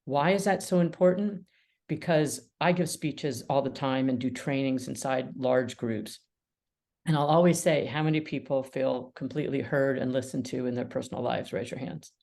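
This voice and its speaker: A woman's voice: extremely low pitch, normal speed, vocal fry, darkish tone. A middle-aged woman mediator and author, talking animatedly in a podcast interview, laughing often and acting out quoted dialogue. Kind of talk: conversational interview.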